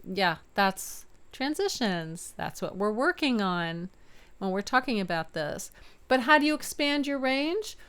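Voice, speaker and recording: A woman's voice: mid-range voice, very animated, a little slow, fairly bright tone, clean tone. A middle-aged woman voice teacher giving an upbeat video lesson in her home studio, sometimes singing to show her registers. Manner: upbeat, demonstrates chest and head voice by singing.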